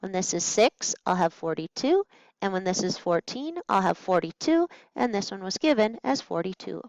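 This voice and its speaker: A woman's voice: medium pitch, big pitch swings, normal speed, darkish tone, dry recording, rough recording. A woman math teacher talking through practice problems at a smart board, chatty and playful with little asides to herself. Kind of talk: recorded test-prep walkthrough.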